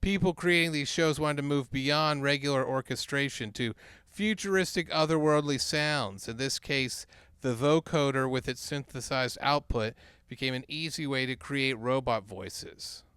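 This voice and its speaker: A man co-hosting a podcast in crude, joking, excitable banter. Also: mid-range voice, moderate pace, clear, resonant tone, no echo, clean studio sound. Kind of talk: casual comedic banter.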